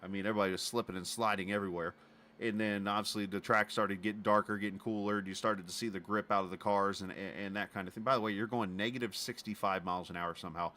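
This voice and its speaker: A male race-broadcast host chats with the winner, halting and jokey in his delivery. His voice sits a little low, yet it has a bright, forward edge. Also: steady tone. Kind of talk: sim racing broadcast commentary.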